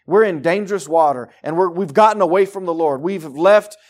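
A man with a high-pitched voice preaches a sermon with fervour. He drops to a near hush, then builds to loud, emphatic declarations. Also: brisk. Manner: fervent, swinging from quiet to loud.

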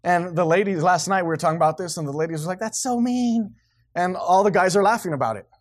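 A man's voice: sits high, racing. Emphatic man preaching. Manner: blunt, emphatic preaching, grows loud and animated. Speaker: pastor. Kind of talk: sermon.

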